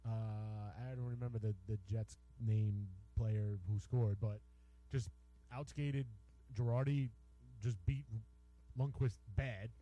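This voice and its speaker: Brief: American male co-host, warm mellow tone, halting hockey talk with lots of restarts. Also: lowish voice, fairly even intonation, lo-fi sound. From United States. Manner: hesitant, repeats words, ribs his partner. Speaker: sports radio co-host. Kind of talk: casual bantering sports talk. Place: radio studio.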